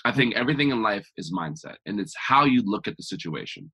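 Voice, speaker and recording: A man with a slightly husky, breathy voice speaks as a guest in a conversational interview. He talks with energy and emphasis, pushing his motivational points hard. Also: on the low side, expressive, fast talker, bright, forceful tone. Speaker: podcast guest, author.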